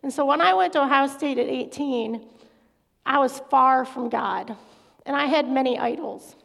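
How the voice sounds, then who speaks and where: A woman's voice: high-pitched, normal speed, vocal fry, a bit bright. A middle-aged woman giving an earnest, confessional personal faith testimony as a guest speaker in a large hall. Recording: echoey hall reverb.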